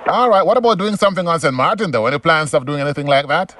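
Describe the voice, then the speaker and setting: A man's voice: fairly high pitch, animated, rapid-fire, fairly bright tone, a little hiss or hum. A man, hosting a radio interview in an upbeat, friendly way. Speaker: radio host.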